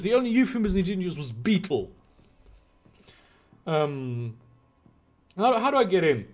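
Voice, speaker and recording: Streamer type, man, joking and crude, high lively voice. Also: a little slow, long pauses. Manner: joking, crude, rambling asides. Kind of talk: live game playthrough commentary.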